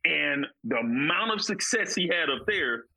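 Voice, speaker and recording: A man's voice: on the high side, animated, measured pace, creaky, sharp tone, slightly rough, poor audio. A man co-hosting a casual sports podcast, talking emphatically and repeating his points. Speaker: podcast co-host, former football player.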